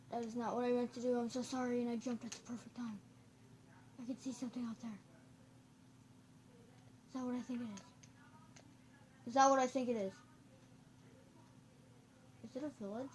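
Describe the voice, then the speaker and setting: A goofy, excitable gameplay commentator who breaks into sudden loud outbursts, recorded on a camera microphone. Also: medium pitch, a little hiss or hum. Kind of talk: casual let's-play commentary.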